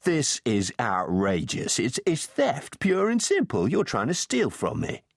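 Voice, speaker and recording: A man's voice: mid-range voice, sing-song, a little fast, vocal fry, a little mellow, dry recording, studio quality, voice pushed up. A man voicing a smug, wealthy television judge who protests indignantly and sputters.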